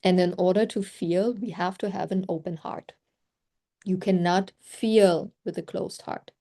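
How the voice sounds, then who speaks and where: Mellow-voiced woman coaching on a group call. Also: fairly low pitch, steady tone, a little slow. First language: German. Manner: chatty, reflective, many "like" fillers. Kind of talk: casual group call talk.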